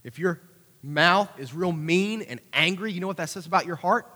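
A man preaching a conversational youth sermon, animated, with acted-out asides. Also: sits high, moderate pace, breathy edge. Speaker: youth pastor. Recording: hall reverb.

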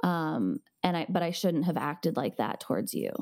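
A woman's voice: low-pitched, very animated, moderate pace, vocal fry, a little mellow. A woman co-hosting a podcast, giving earnest, reassuring parenting advice in casual conversation.

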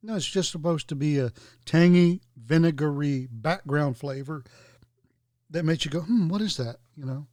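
A man from with a fairly high voice, speaking in relaxed podcast chat. He is opinionated and emphatic, and quick to correct people on how things should be done. The recording is dry and close. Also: no echo. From North Carolina. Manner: opinionated, emphatic about food. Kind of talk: casual chat.

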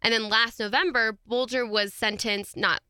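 Chatty woman with a bright voice. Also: fairly high pitch, steady tone, normal speed, smooth, no room sound, studio quality. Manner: chatty, laughs often, reads quotes aloud. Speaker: podcast co-host. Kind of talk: casual true-crime chat.

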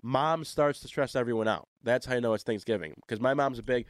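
A man's voice: mid-range voice, brisk, few pauses, no room sound, studio quality. A man co-hosting a casual chat show, telling rambling, joking stories. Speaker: podcast co-host.

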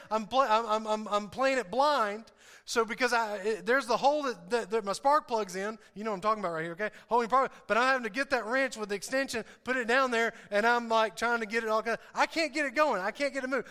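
High-voiced pastor in a reverberant hall. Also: male voice, pushed and bright, clear, resonant tone. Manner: storytelling with self-deprecating humor, frequent repeats and laughs. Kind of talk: sermon.

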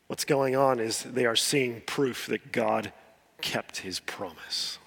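A man preaching a sermon as pastor, earnest and pleading, often dropping to a soft voice and repeating words as he builds. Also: medium pitch, slow pace, gravelly, breathy edge. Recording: long hall reverb.

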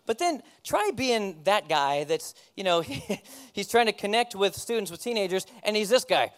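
Man, 30s, pastor; high voice, candid self-deprecating testimony with easy laughs. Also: animated, moderate pace. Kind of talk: personal testimony sermon.

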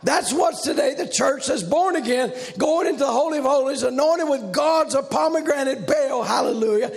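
A man preaching a revival sermon, his voice sitting unusually high and heavily gravelly. He swings into loud shouted runs with a driving preaching cadence. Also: moderate pace.

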